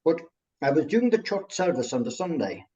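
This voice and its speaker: Lively Irish-born storytelling man. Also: on the high side, moderate pace, lo-fi sound. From Ireland. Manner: lively storyteller, laughs often. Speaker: medium sharing a story. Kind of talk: chatty anecdote.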